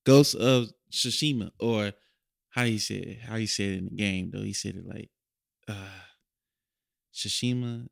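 A man's voice: fairly low pitch, measured pace, creaky, pauses often, dry recording, clean studio sound. A young man hosting a casual podcast chat in loose slang, often trailing off and restarting. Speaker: podcast host.

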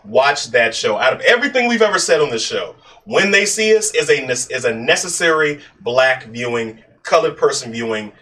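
A man's voice: medium pitch, lively intonation, moderate pace, hardly any pauses, sharp tone, far from the mic. A man co-hosting a podcast, talking casually and ranting animatedly, swearing freely. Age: adult. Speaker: podcast co-host. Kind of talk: casual chat.

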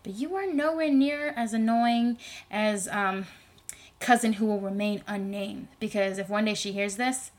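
A young woman hosting her own podcast, rambling and animated with plenty of fillers. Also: medium pitch, a little slow. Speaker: podcast host. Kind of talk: casual podcast monologue.

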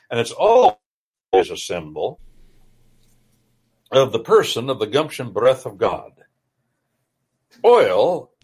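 Husky, lively-voiced man preaching on radio. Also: lowish voice. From United States. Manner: folksy, emphatic preacher-like delivery. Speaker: radio show host. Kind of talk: radio talk reading and explaining scripture.

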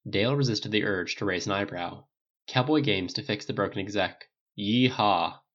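Low-voiced male audiobook narrator, lo-fi. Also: fairly quick, a bit bright. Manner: reads all characters with small pitch lifts in dialogue. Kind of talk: scripted narration.

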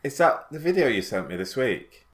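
A man's voice: medium pitch, big pitch swings, moderate pace. A man in casual chat, reacting with short amazed replies.

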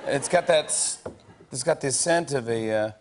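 A man's voice: mid-range voice, normal speed, slight background noise. A man hosting a talk show segment, bantering playfully and laughing often. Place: TV studio.

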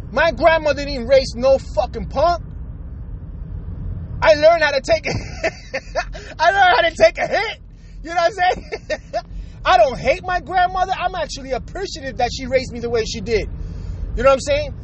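High-voiced vlogger, furious profane rant, faint traffic behind. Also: rough recording. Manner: angry, emphatic, heavy swearing. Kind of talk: profane ranting monologue.

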